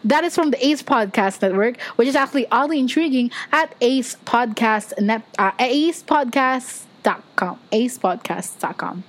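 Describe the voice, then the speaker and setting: Young filipino woman, podcast host, rambly and giggly, curses a lot, voice sits a bit high. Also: animated, normal speed, hardly any pauses. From Philippines. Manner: rambling, laughs often, swears casually. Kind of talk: casual podcast sign-off chat.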